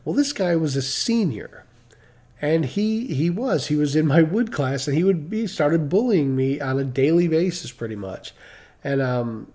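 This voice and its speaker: A man's voice: on the high side, animated, unhurried, warm tone. A middle-aged man from Michigan telling a personal story in casual, rambling talk on a live stream, full of restarts and asides.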